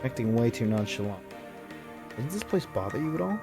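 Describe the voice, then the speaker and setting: A man's voice: mid-range voice, very animated, fairly quick, over music. A man streaming a game live, reading its dialogue aloud and chatting between lines, easily sidetracked.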